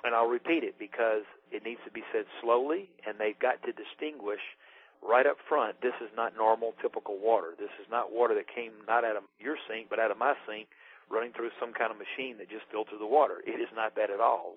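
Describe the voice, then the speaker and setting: Guy rambling folksy sales talk, bit husky, sounds like it's over a phone. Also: lowish voice, steady tone, a little fast. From Alabama. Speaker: water ionizer distributor. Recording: tinny phone-line audio.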